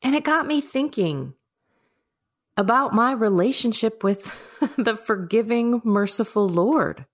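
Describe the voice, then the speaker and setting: Slow-talking woman podcaster in echoey kitchen. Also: a little high, lively intonation. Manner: chatty, emphatic, self-deprecating. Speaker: podcast host. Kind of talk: devotional podcast monologue. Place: echoing home kitchen. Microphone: microphone with laptop. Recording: echoey kitchen with faint music.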